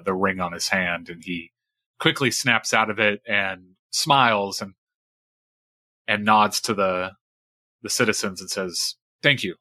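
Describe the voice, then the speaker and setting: Male player, low and bright, formal in-character delivery, dry mic. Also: dry recording. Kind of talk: tabletop role-play.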